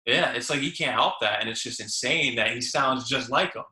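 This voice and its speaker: A man's voice: mid-range voice, moderate pace, sharp tone. A man hosting an interview, asking questions eagerly and chiming in to agree. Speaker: podcast host. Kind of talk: casual interview chat. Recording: roomy echo.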